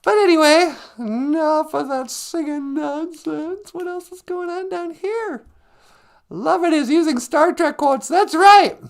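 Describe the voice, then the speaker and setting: A man putting on a high, creaky, sing-song voice as a chatty trickster character who hosts a live stream, rambling and opinionated. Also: measured pace, exaggerated voice. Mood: gossipy. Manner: rambling, opinionated, mocks and laughs.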